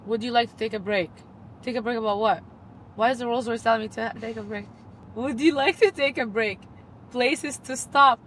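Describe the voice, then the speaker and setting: A young woman giving casual business advice in a vlog, expressive and animated, talking from inside a car. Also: on the high side, moderate pace, slight background noise, poor audio. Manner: animated, expressive, shifts into playful voices. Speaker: business coach and content creator.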